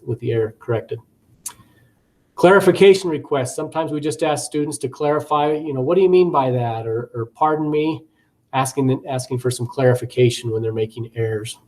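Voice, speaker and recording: A man's voice: mid-range voice, a little mellow. A man giving recorded course commentary as a teacher educator, talking conversationally with frequent fillers, repeated words and acted classroom examples.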